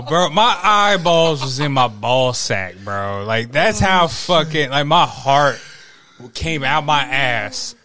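A man in casual podcast chat, telling a work story with lots of swearing, laughter and acted-out quotes. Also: fairly high pitch. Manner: profane, laughing storyteller who acts out quotes. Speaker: podcast guest.

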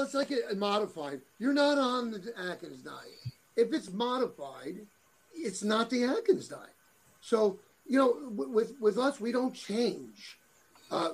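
A man's voice: high voice, vocal fry, low-quality recording. A middle-aged man chatting as a guest, rambling and repeating words as he searches for them. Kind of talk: casual chat.

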